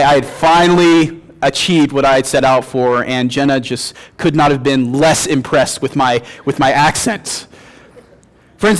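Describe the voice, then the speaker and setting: A man in his thirties with a Northern Illinois accent, preaching a sermon as a guest pastor, earnest and telling stories with light humor. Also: medium pitch.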